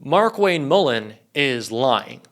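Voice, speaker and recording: A male political commentator in sarcastic, profane reaction mode. His pitch moves widely as he mocks his subject, at an ordinary middle pitch. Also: sing-song, slow.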